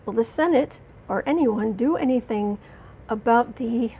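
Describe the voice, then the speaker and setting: A woman hosting a live tarot stream, reading cards and answering chat, angry but trying to stay calm, halting with fillers and restarts. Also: on the high side, creaky, slight background noise. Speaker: tarot reader and livestream host.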